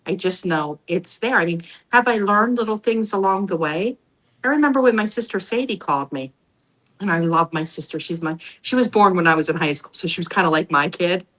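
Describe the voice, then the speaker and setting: A middle-aged woman, a podcast guest, telling personal stories in a casual, animated way and acting out the voices of other people. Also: on the low side, fairly quick, poor audio. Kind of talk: casual storytelling.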